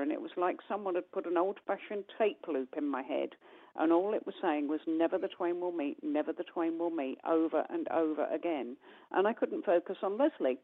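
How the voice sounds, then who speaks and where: Woman on a tinny phone line. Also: on the low side. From United Kingdom. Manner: animated, acts out quoted dialogue. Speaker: guest medium. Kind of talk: storytelling on a call-in radio show. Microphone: telephone.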